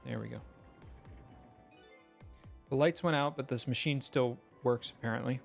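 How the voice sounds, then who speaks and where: A male streamer mutters quietly as he plays through a puzzle game. His voice is mid-pitched and easygoing. Faint game music plays underneath. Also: moderate pace, gravelly. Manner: quiet, muttering to himself while solving puzzles. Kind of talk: casual gameplay commentary.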